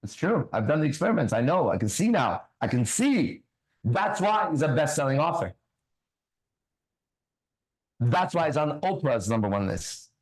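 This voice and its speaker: A man's voice: fairly high pitch, big pitch swings, moderate pace, long pauses, rough recording. A man hosting a ministry talk show, preaching bluntly with swearing and constant rhetorical questions.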